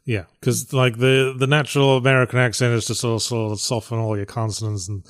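A man's voice: medium pitch, little pitch movement, brisk. A man, hosting a casual chat about reviewing games in a dry, wry, matter-of-fact way. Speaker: podcast host and game reviewer.

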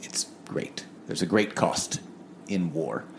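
A man's voice: low-pitched, lively intonation, takes it slowly, creaky, slight background noise. A man co-hosting a music review show, talking earnestly in a rambling way with many fillers. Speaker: podcast co-host. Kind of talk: casual music review chat.

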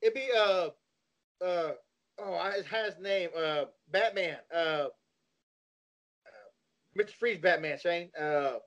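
A man's voice: sits high, takes it slowly, long pauses, fairly bright tone, muffled recording. A man in casual podcast banter who talks hesitantly, with lots of "uh" and restarts, laughing along with his friends. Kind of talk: casual chat.

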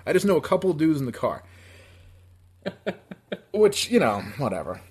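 A man's voice: a little high, very animated, unhurried, darkish tone, breathy edge. A man from upstate New York telling a long story in casual chat, profane and rambling, laughing as he goes.

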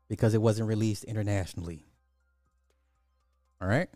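A man's voice: lowish voice, a little slow, mellow, dry recording, clean studio sound, faint music behind. A man hosting a podcast, giving casual, sarcastic commentary and thinking aloud as he looks up numbers. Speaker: podcast host.

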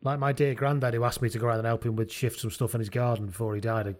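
A man's voice: mid-range voice, flat delivery, racing, darkish tone. A man co-hosting a rugby podcast, joking and laughing often. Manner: jokey, laughs often, does mock voices. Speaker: podcast co-host. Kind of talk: casual chat about rugby.

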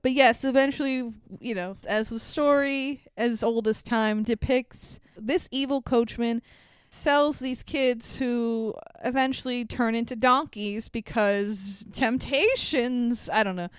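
Brief: young woman, podcast co-host, smooth clear voice, dry close sound, laughs a lot. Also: a little high, takes it slowly, no room sound. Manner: laughs often, acts out characters' lines. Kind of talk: casual movie-recap chat.

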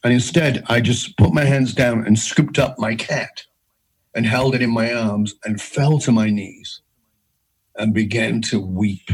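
Husky guy, middle-aged, telling his story with big emotional swings. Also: fairly even intonation, a little slow, low-quality recording. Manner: intense, emphatic storytelling with big pitch swings. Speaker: guest, leadership speaker. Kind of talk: storytelling interview.

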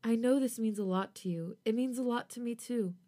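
A woman voicing a tender young husband who speaks softly and reassuringly to his wife, in a read-aloud story. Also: on the high side, fairly quick, voice pushed up, natural voice. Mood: gentle. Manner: soft, soothing, coaxing delivery.

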